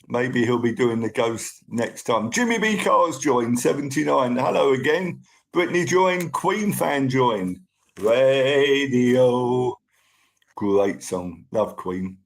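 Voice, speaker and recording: Gravelly-voiced man chatting on a live stream. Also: medium pitch, expressive, measured pace, low-quality recording. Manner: chatty, thanks viewers by name as they join. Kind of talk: casual live stream chat.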